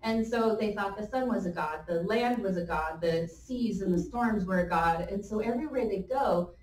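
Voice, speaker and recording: A woman delivers a conversational church teaching and tells the story with energy and laughing asides. She sits back from the microphone, so the room echo is clear, and a faint ambient hum sits under her voice. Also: medium pitch, normal speed. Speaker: church speaker. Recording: echoey room, mic at a distance.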